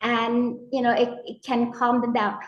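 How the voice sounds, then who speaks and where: A woman coach answering interview questions in a gentle, hesitant way, with lots of fillers. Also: on the high side, little pitch movement, unhurried, dull audio. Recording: echoey room.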